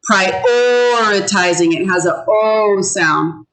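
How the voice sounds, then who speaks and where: A woman teacher giving an online pronunciation lesson over a video call, drawing out words slowly so her learners can repeat them. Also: medium pitch, pushed and bright, low-quality recording. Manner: slow, drawn-out modelling of words for learners to repeat.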